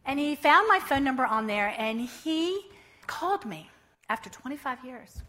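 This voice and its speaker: A woman of about fifty tells her story as a missionary at a church service. Her voice sits high and sounds bright and forceful. She keeps the telling lively and acts out the conversations she describes. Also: moderate pace. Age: around 50. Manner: lively storytelling, acting out dialogue. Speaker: missionary speaker. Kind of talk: church testimony.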